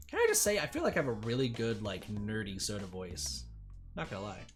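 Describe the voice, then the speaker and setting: Male streamer, casual game commentary, joking, animated pitch, faint music behind. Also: fairly quick. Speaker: let's play streamer.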